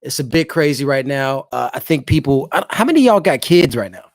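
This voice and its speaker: A man, a married father, hosts a casual live stream from his home. He talks loosely and straight to his viewers at a middling pitch, and the sound is dry and close. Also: expressive, a little fast, no echo. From eastern United States. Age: adult, married father. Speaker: livestream host.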